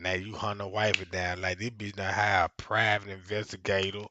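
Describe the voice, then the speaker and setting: A man's voice: lively intonation, fast talker, hardly any pauses, pushed and bright, no room sound, highs cut off. Profane, rambling man telling comic stories. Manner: profane, laughs often, keeps asking "you know what I'm saying"; acts out quoted voices in exaggerated pitch. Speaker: comedic livestream host.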